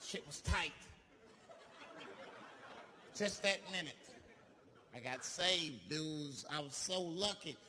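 A man doing stand-up, telling a story and acting out the people in it with shouts and gasps. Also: on the high side, lively intonation, slow pace, pauses often. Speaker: stand-up comedian. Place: comedy stage before a live audience.

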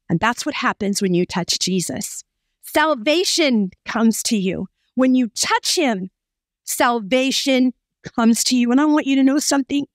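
A woman pastor delivers a fervent sermon, her high voice driving phrases home through repetition. The sound is dry and close, with little room around it. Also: moderate pace, no echo. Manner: passionate, emphatic preaching with repeated phrases.

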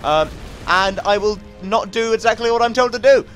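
A man's voice: high-pitched, moderate pace, a bit bright, soft background music. A young English man giving jokey, chatty commentary over a video game, talking to the enemies on screen. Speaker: gaming commentator. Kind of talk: casual let's-play commentary.

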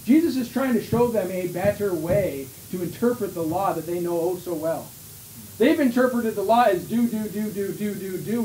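A man with a Canadian accent preaching a sermon as pastor, reading scripture aloud and sometimes mocking the voices of hypocrites. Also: high-pitched. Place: small church hall. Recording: echoey room, faint hiss.

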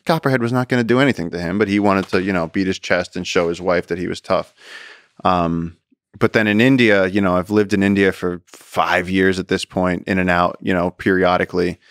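An American man in his thirties, a podcast guest telling stories in casual conversation, animated, acting out quotes, with many fillers. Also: low-pitched, fairly quick, no echo, studio quality. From United States.

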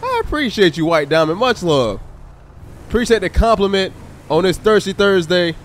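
A playful male streamer with a rather high voice, joking through a police game and thanking his chat. Faint noise hums under the talk. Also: big pitch swings, moderate pace. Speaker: gaming livestreamer. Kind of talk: live game commentary and chat shout-outs.

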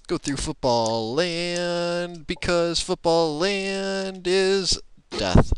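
A young man casually commenting on a platform game, excitable, muttering and swearing at it, recorded on a laptop microphone. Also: high voice, extremely slow, faint music behind. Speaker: let's play gamer.

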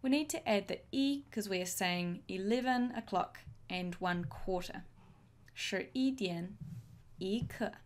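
A woman teaching a language lesson, modelling each phrase slowly and clearly for learners to repeat. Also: mid-range voice. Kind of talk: slow, deliberate language lesson.

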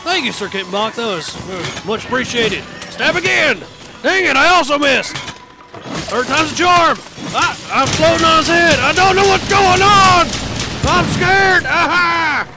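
A man's voice: very high-pitched, animated, moderate pace. A man voicing a belligerent old-timer monster hunter in comedic gameplay commentary, folksy and grumbling. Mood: boastful. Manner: folksy grumbling, cries dadgummit. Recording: game music under voice. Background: video game music.

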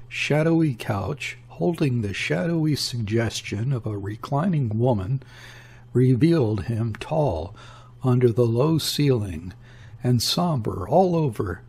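A male reader narrates a literary tale in a measured, deliberate way. His voice is somewhat husky and mid-pitched. He takes the lines very slowly. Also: a little mellow. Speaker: audiobook reader.

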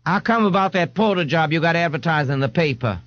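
A laid-back, streetwise young man with a casual, slangy drawl, his voice pushed a bit higher than plain talk. The recording is dry and dull. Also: lively intonation, fairly quick, fairly bright tone, dry recording. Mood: nonchalant. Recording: dull lo-fi dry studio tape.

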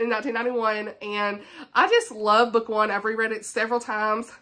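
A woman's voice: on the high side, steady tone, normal speed, sharp tone. Chatty woman in her thirties. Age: 30s. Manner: chatty and enthusiastic, laughs often. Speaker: booktuber. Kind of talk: casual book chat to camera.

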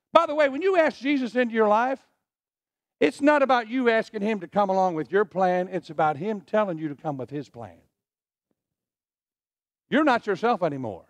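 Male pastor, middle-aged, high animated delivery, call-and-response sermon, dry close sound. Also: no room sound. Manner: preaching with call-and-response to the congregation. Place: church sanctuary.

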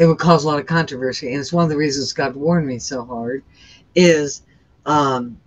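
In lo-fi sound, a deep-voiced woman tells an interviewer about nearly dying, speaking earnestly and rambling, often starting sentences over and filling gaps with fillers.

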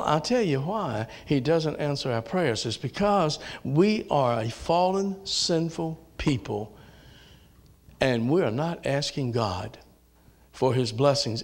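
A man with a Southern US accent preaching a sermon in a church, folksy, dropping to low asides and rising to shouted calls. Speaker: pastor. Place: church sanctuary.

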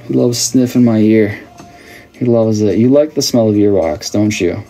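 With soft music playing in the background, a livestream host talks in a lowish, warm voice at a moderate pace. He keeps the live chat casual, joking with viewers while reading out their comments.

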